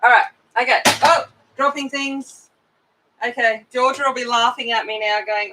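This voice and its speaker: A woman's voice: a little high, steady tone, moderate pace, sharp tone, a little hiss or hum, rough recording. A middle-aged woman hosting a coloring live stream, chatting casually and rambling as she greets viewers by name.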